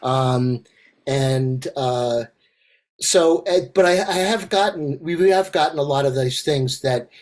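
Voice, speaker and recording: Older male facilitator, halting and filler-heavy, mid-pitched, video call. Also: a little mellow. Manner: halting, many fillers and restarts. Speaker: circle facilitator. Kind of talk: casual online group discussion.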